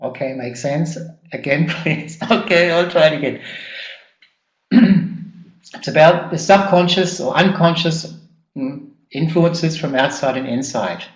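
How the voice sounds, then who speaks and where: Man teaching a workshop, echoey room. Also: on the high side. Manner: halting, repeats words, many ums. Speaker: personal growth trainer.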